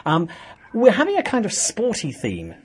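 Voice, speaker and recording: A chatty male radio host with a husky voice. He talks in a relaxed, excitable way and keeps interrupting himself. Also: high voice, normal speed. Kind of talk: casual radio chat.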